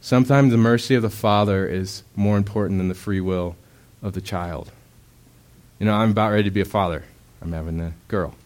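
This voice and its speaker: A man's voice: fairly low pitch, a little fast. A young man giving a sermon in a casual, conversational way, full of "um"s and acted-out quotes. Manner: casual, conversational preaching with many fillers; acts out quoted voices with bursts of loudness. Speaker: preacher.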